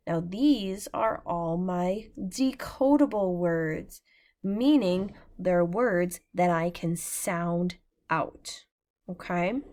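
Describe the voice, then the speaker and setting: An American woman teacher giving a patient, slow phonics lesson over a shared screen, sounding out words letter by letter. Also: medium pitch, creaky, a little mellow.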